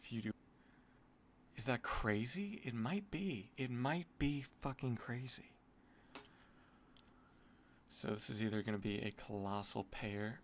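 A man's voice: fairly low pitch, unhurried, a little hiss or hum. A man streaming an online gambling session, swearing and muttering in exasperation at his losses. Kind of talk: casual gambling commentary.

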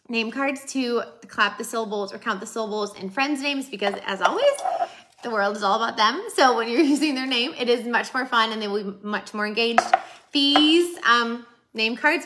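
A woman with a bright, fairly high voice talks to fellow teachers in a relaxed video. She chats in an upbeat way and fills her pauses with "um" and "uh". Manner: chatty, upbeat, many fillers. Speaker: preschool teacher and educational video host.

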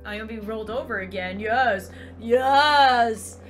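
A woman's voice: on the high side, slow pace, faint music behind. A young woman doing let's play commentary, chatting animatedly and cooing in baby talk at a virtual kitten. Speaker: gaming YouTuber.

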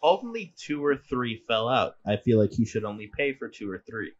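A man playing a tabletop game who talks in a calm, deadpan way, often in character. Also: mid-range voice, normal speed, lo-fi sound. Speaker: player.

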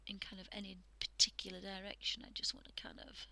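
Sing-song and gravelly, her mid-range voice moves at a quick pace over a rough recording. She's a UK woman hosting a live art stream, chatting softly with fillers and often half-whispering as she demonstrates drawing.

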